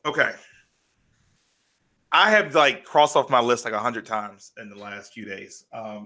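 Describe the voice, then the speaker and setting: A man co-hosting a podcast, chatting casually and retelling stories with lots of fillers, choked up and near tears. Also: mid-range voice. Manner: animated storytelling with many fillers. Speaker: podcast co-host. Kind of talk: casual chat.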